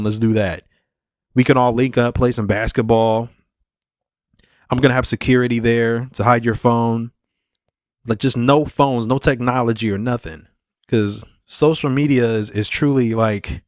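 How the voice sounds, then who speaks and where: A man's voice: medium pitch, no echo, studio quality. A young man hosting a solo podcast, rambling casually with lots of swearing and filler. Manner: profane, rambling, laid-back. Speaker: podcast host.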